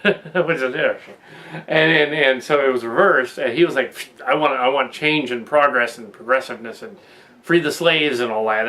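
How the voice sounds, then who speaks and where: A man with a medium-pitched, bright, forceful voice hosts a casual political commentary monologue. He rambles, restarts often, and laughs at his own jokes.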